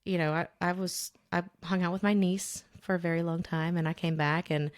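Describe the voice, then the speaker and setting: A young woman co-hosts a casual podcast, with a voice that sits a little low. She tells stories in a loose, rambling way, full of fillers, restarts and little quoted voices. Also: fairly even intonation, brisk. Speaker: podcast co-host. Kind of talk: casual chat.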